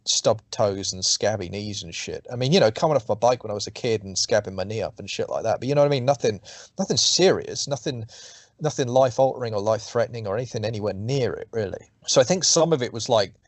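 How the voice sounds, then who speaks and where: Low-voiced man, rambling interview chat. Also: fast talker, dry recording. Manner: rambling, swears, many restarts. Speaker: author being interviewed.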